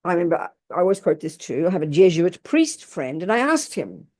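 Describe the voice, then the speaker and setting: Emphatic, lively woman teaching. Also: lowish voice, a little fast, few pauses. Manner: emphatic, blunt and colloquial. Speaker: Buddhist teacher. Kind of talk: Dharma talk to an audience.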